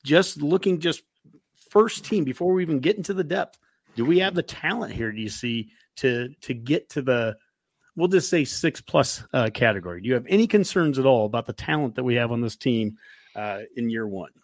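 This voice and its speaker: A man's voice: medium pitch, animated, moderate pace, dry recording, studio quality. A man hosting a podcast, putting questions to his guests in casual chat. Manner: leading questions, short backchannels. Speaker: podcast host.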